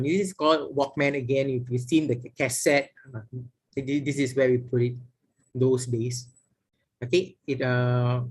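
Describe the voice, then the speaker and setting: A middle-aged man with a Malaysian English accent, teaching a class on exam listening skills and filling his points with "okay" and "all right". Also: on the high side. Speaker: English language lecturer.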